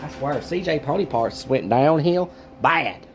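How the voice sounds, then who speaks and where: A man's voice: fairly high pitch, expressive, measured pace, background noise. A man, a car restorer, ranting in a frustrated way about bad parts in his garage workshop.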